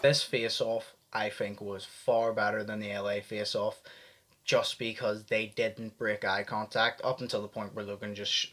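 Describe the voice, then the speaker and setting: A young man from the UK giving a casual, excitable reaction commentary full of swearing. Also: lowish voice. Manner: animated, heavy swearing, fired up. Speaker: vlogger reacting to press conferences.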